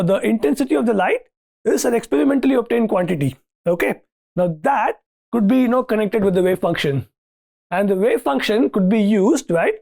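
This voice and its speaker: A university lecturer thinks aloud mid-lecture in a medium-pitched, slightly mellow voice with some vocal fry, restarting sentences and often checking in with "okay, right?" to make sure students are following.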